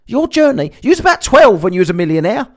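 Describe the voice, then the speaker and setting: A man's voice: high voice, big pitch swings, fast talker. A man delivering a sarcastic, sweary ranting monologue as a vlogger.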